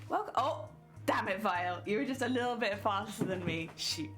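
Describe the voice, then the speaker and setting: A woman's voice: mid-range voice, a little fast, music in the background. A young woman streaming, chatting casually and laughing often while she reads chat.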